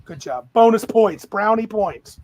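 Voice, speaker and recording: A man running a tabletop game as game master, describing scenes in a lively, rambling way. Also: high-pitched, a little slow, low-quality recording.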